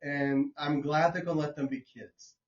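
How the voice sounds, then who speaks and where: A man in a casual chat, talking haltingly and often trailing into filler phrases. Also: on the high side, steady tone, muffled recording. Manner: halting, leans on "you know".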